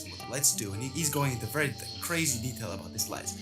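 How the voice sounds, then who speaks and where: A man's voice: medium pitch, animated, quick pace, over loud music. A man telling a personal story casually, rambling with lots of fillers.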